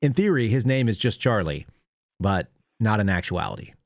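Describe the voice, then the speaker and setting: A man's voice: lowish voice, big pitch swings, moderate pace, no echo, studio quality. A man hosting a call-in show in casual chat, a rambling storyteller who laughs easily.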